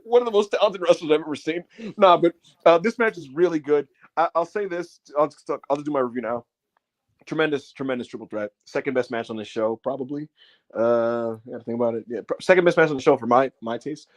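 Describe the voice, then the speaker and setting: A man's voice: on the high side, quick pace, no room sound. A man co-hosting a wrestling podcast, giving a casual, profane review, laughing often and acting out what people said. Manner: profane, laughing, acts out quotes.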